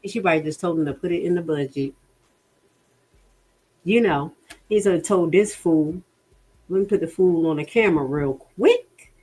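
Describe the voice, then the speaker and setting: A woman's voice: fairly low pitch, moderate pace, long pauses, warm tone, breathy edge. A woman hosting a casual livestream, outspoken and exasperated, swearing and talking straight to her viewers. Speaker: livestream host reviewing a township budget.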